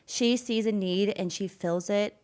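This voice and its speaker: Her voice is medium-pitched and clean, moving a little slowly. A young podcast co-host on a casual show, she speaks warmly and sincerely until emotion about her mom takes over.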